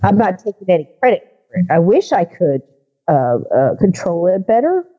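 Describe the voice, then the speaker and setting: A woman guest on a podcast, telling her experiences in a casual, animated way and acting out the people in her stories. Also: lowish voice, normal speed, dull audio. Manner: animated storyteller who acts out the people in her anecdotes. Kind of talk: casual storytelling interview.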